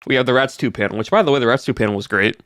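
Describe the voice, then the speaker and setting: A man's voice: medium pitch, very fast, fairly bright tone, no room sound, studio quality. A man streaming, chatting casually with his viewers in a rambling way with many fillers and answers to chat.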